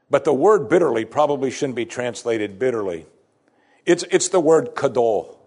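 Husky-voiced man preaching a sermon. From United States. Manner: reads scripture with rising emphasis, then drops low and soft to reflect. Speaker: pastor.

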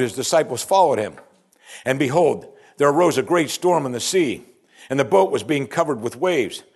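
A man preaching a sermon, reading scripture aloud and asking pointed questions, often dropping to a hushed voice on key points. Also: medium pitch.

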